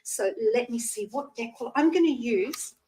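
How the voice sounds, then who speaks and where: A woman's voice: on the high side, expressive, normal speed, dark tone, recorded from a distance, rough recording. A woman in her sixties hosting a live psychic reading show, chatty and thanking viewers by name as she explains old traditions.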